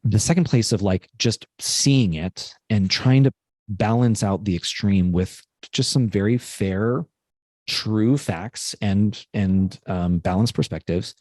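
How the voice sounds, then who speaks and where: Low-voiced earnest man on a podcast. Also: takes it slowly, a little mellow, no room sound, studio quality. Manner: earnest, rambling with many fillers and asides. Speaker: podcast co-host. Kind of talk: casual reflective podcast chat.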